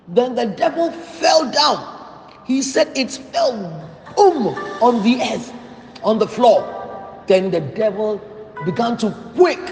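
A man's voice: very high-pitched, expressive, unhurried, faint music behind. A man preaching a sermon in a church hall, emphatic and repeating key phrases for stress. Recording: echoey hall with long reverb.

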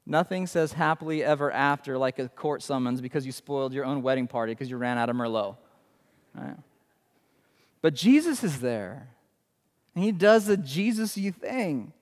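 A male pastor delivers a lively, conversational sermon, tossing questions out to his listeners. His voice sits a touch high for a man. The sound rings with long reverb from a large church hall. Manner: animated, conversational preaching with rhetorical questions.

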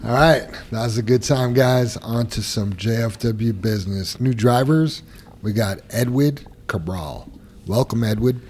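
A man's voice: medium pitch, a little slow, a little hiss or hum. A man hosting a casual workplace podcast, joking and running through announcements. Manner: relaxed, joking, runs the segments. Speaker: podcast host.

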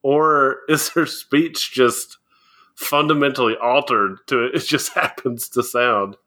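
A man's voice: medium pitch, fairly even intonation, measured pace, pushed and bright. A man co-hosting a casual podcast chat, explaining things and often laughing as he goes. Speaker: podcast co-host.

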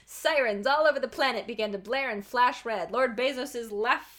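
A woman's voice: a little high, moderate pace, a bit bright. A woman co-hosting a comedy podcast, reading a parody story aloud between bursts of laughter. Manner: giggly, reads with dramatic flair.

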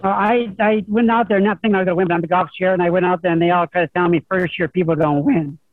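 A middle-aged man, a high school golf coach, talking over the phone in a rambling, humble way with many restarts. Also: little pitch movement, very fast, dry recording. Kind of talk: phone interview guest. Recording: tinny phone line.

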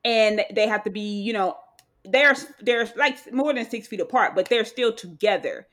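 A woman co-hosting a casual chat, animated and rambling. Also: mid-range voice, normal speed. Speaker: podcast co-host.

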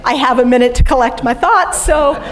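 A woman's voice: high voice, moderate pace, some chatter behind. A middle-aged woman preaching as a guest speaker in a church, chatty and self-deprecating. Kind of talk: sermon. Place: church sanctuary.

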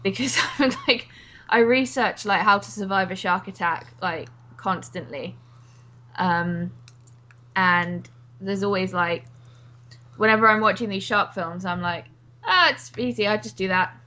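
A woman's voice: mid-range voice, fairly even intonation, a little slow, pushed and bright. A woman co-hosting a casual chat, telling stories with frequent "like" and "um". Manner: chatty storyteller, fillers like "like" and "um".

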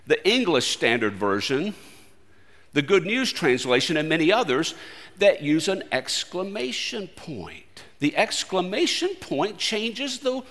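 In a space with a big-room sound, a man delivers a sermon with emphatic force. His delivery alternates between loud, stressed lines and soft, low asides.

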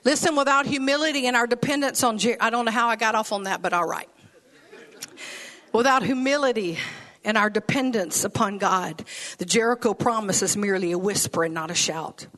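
A woman's voice: a little high, brisk, fairly bright tone. A woman preaching a sermon with folksy phrasing and laughing asides.

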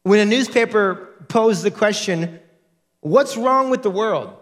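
A pastor delivers a sermon in a high, light male voice with lively intonation, speaking a little slowly. He preaches with animation and slips into the voices of the people he quotes.

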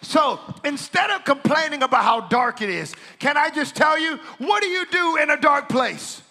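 A man's voice: extremely high pitch, animated, moderate pace, bright, forceful tone, soft background music. A male preacher delivering a revival sermon in church, calling out and repeating phrases. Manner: calls out, repeats phrases, drops to casual aside. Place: church service with band.

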